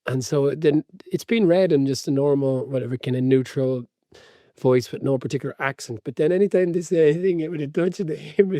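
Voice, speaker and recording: Mellow-voiced rambling man. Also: a little high, no echo, studio quality. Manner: chatty, rambling, self-amused. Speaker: podcast co-host. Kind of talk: casual chat.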